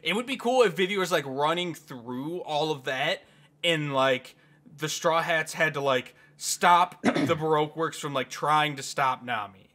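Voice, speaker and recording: A podcast co-host with a fairly high, sharp voice talks in an unhurried way. He chats casually, laughs a lot, and fills his speech with plenty of "like."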